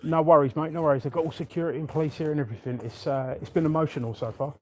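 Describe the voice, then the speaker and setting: An assertive man talking bluntly into a handheld phone, his voice sitting fairly high for a man. He is outdoors, and clear street noise runs behind him throughout. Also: fairly even intonation, very fast, a little mellow, low-quality recording. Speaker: activist filming a council meeting. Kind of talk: handheld confrontational vlog. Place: outdoors outside a council building.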